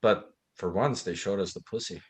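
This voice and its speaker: A man from France, a guest on a video call, talking in an animated, mocking way and acting out quotes. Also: on the low side, normal speed, slightly rough. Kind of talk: casual chat.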